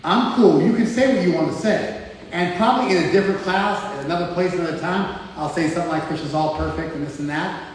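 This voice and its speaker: A man's voice: high voice, quick pace, a little hiss or hum. A man with an American accent giving a casual, teasing spiritual lecture to a live class. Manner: joking, teasing, conversational with frequent "like". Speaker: spiritual teacher. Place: class room in front of a group. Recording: echoey hall, mic far off.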